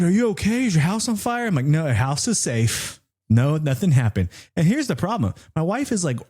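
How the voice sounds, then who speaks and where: Excitable man ranting with lively pitch. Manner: excitable, swears freely, jumps into high-pitched retellings. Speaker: podcast co-host. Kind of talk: animated storytelling rant.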